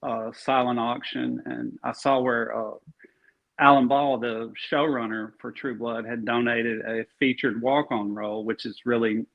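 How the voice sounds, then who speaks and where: A man from Alabama, interviewed as an actor, keeps a steady medium-pitched tone with a creaky edge and a measured pace. The chat is casual and loose, his easy rambling peppered with fillers and restarts, and the recording sounds dull and lo-fi.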